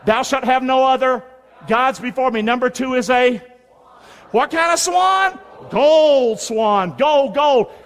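In an unhurried, extremely high-pitched voice, a middle-aged male pastor preaches a sermon and leads his congregation through call-and-response and hand signs. The setting is a church sanctuary, where the large hall adds a long reverb.

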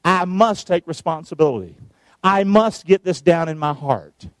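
A male preacher, giving a sermon, calling on the congregation to answer and shouting verses out. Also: a little high, moderate pace, dry recording. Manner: calls for responses, shouts the verses out.

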